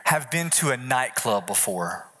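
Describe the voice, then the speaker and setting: A man's voice: medium pitch, big pitch swings, a little slow, pushed and bright, a little hiss or hum. A male pastor giving a conversational sermon, often repeating and restarting his phrases.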